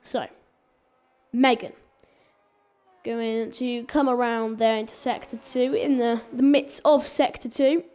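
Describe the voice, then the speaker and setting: A woman's voice: on the high side, steady tone, slow, a little mellow. Chatty, rambling female race commentator. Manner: rambling, chatty, stumbles and corrects herself. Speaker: sim racing commentator. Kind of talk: live esports race commentary.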